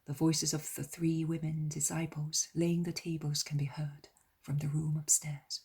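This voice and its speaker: A woman narrating a dramatized religious audiobook in a soft half-whisper. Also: low voice, little pitch movement, measured pace, breathy edge.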